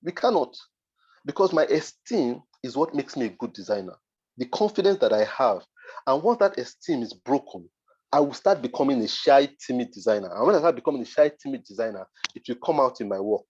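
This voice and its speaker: A man's voice: mid-range voice, very animated, fairly quick, a little mellow, breathy edge, lo-fi sound. A Nigerian man, a design mentor, giving a motivational masterclass talk, emphatic and repeating his points for force.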